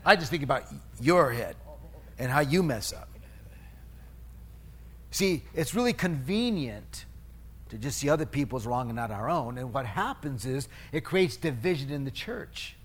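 This middle-aged male pastor speaks at medium pitch, animated but a little slow, with a breathy edge. He preaches conversationally through stories, making fun of himself and restarting or self-correcting mid-phrase.

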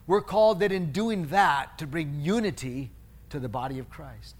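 With a slightly high, animated voice at a moderate pace, a middle-aged male pastor tells stories through his sermon. He jokes at his own expense and often restarts or corrects himself partway through phrases.

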